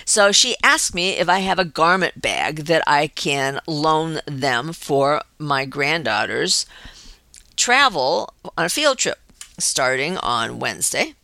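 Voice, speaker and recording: Older woman, show host, chatty storyteller, low voice, bright sharp tone. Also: slow, no room sound. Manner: chatty, animated storyteller acting out quoted voices. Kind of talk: personal storytelling monologue.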